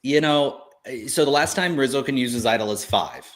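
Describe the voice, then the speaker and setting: A man co-hosting a casual show, thinking aloud in animated bursts with many restarts. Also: medium pitch, normal speed. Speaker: co-host. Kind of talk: casual podcast chat.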